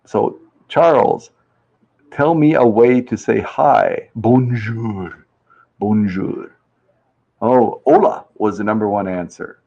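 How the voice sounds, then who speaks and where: A man's voice: mid-range voice, animated, a little slow, vocal fry, a little mellow, muffled recording. A man hosting a casual live-stream survey game, chatty and reading viewers' answers aloud with easy laughs. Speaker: livestream host running a survey game.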